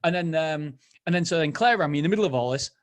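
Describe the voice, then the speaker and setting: A man's voice: on the high side, expressive, fast. A man hosting a motivational podcast, talking casually and rambling through a personal story, often restarting his sentences. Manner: chatty, rambling, self-interrupting storyteller. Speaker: podcast host. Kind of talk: motivational solo podcast talk.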